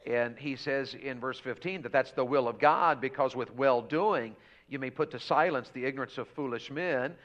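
A man preaching a revival sermon in a church, telling a homey story and building to loud, fervent exhortation. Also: mid-range voice, normal speed. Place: church sanctuary. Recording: dull lo-fi church audio.

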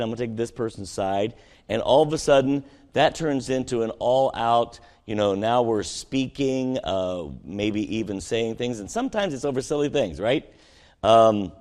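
A man preaching a sermon to his congregation, asking them questions and swinging between emphatic peaks and quiet conversational asides. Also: fairly low pitch. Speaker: pastor. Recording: long hall reverb.

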